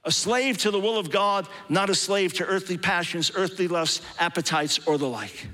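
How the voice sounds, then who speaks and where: A man's voice: high-pitched, moderate pace, bright, forceful tone. A man preaching a sermon in an impassioned, emphatic way, building to strong peaks.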